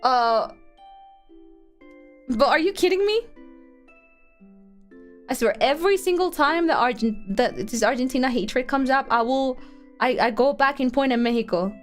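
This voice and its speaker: A young woman from Colombia, chatting excitably on a livestream, laughing often and swearing freely. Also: sits high, normal speed, faint music behind. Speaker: streamer. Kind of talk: casual livestream chat.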